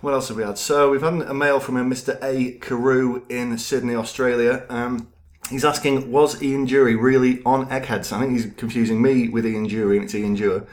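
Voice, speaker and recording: A man co-hosting a comedy podcast, making dry, low-key asides in casual chat. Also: little pitch movement, brisk, few pauses. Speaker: podcast co-host.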